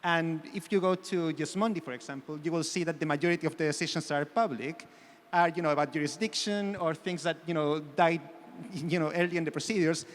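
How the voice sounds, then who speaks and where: Higher-pitched man on a reverberant panel stage. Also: steady tone, brisk, slight background noise. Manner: hedging, many "you know" fillers. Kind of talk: panel discussion. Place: conference hall. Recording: long hall reverb.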